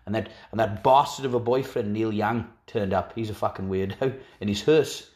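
A man doing a blunt, foul-mouthed South African film-industry woman, her voice pitched a little lower and quieter than his own. She rattles off scornful gossip in a brash, dismissive way. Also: moderate pace, close to an everyday voice. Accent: put-on South African.

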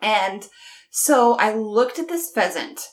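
A woman co-hosting a podcast, telling an anecdote at an easy pace. Her voice sits at a middle pitch for a woman. She laughs readily along the way. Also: slow pace. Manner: relaxed storyteller with easy laughs. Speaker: podcast co-host. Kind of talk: casual chat.

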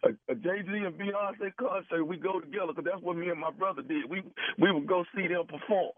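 A man's persistent, pleading voice comes through a narrow, tinny phone line with no room sound around it. He runs a radio prank call and keeps pressing the same point. His voice sits slightly higher than most men's. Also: fairly quick, dry recording. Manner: persistent, pleading, repeats himself.

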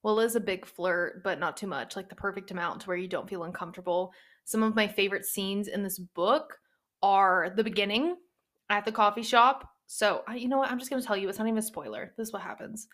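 A young woman chatting casually about books she loves, lively and talkative, slipping into the characters' lines as she retells scenes. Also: medium pitch. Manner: chatty, animated, acts out characters' lines in quick asides. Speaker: book reviewer. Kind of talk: casual book recommendation chat.

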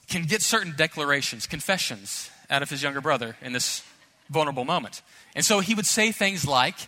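A man's voice: on the high side, animated, normal speed, bright, forceful tone. A male pastor preaching a sermon with emphatic, earnest delivery and storytelling asides, recorded in a church sanctuary. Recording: long hall reverb in a church.

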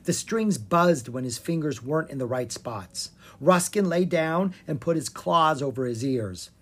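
A storyteller reading a children's chapter book, letting the voice rise and fall freely and dropping low on the speech tags. The tone carries a slight breathiness. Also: expressive, a little slow, fairly bright tone, breathy edge. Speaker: audiobook narrator. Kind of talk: children's book read aloud.

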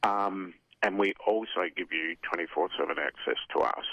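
Deep gravelly man on a phone line. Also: moderate pace, no room sound. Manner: earnest, reassuring explainer. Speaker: guest on a radio show. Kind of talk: phone-in radio interview.

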